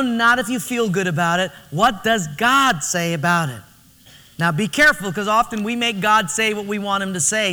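A man preaching a sermon as pastor, telling stories in an emphatic, animated way, in a reverberant church hall. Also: high-pitched.

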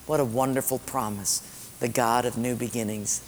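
A man's voice: medium pitch, fairly even intonation, normal speed, long reverb tail, a little hiss or hum. A man preaching a sermon to his congregation as pastor, emphatic and repeating his key phrases.

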